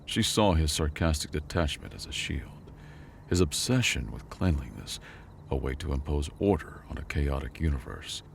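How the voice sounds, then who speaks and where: A man narrating a scripted sci-fi story in a measured, even way. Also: a bass voice, creaky, slight background noise.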